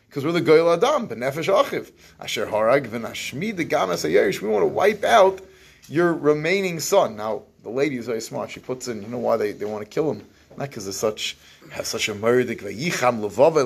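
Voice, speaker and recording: Man, Torah teacher, gravelly husky voice, reads and translates verses, acts out the lines. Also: mid-range voice. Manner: explains verses by reading, translating and acting out the lines; Yeshivish English with Hebrew phrases. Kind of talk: recorded evening Torah class.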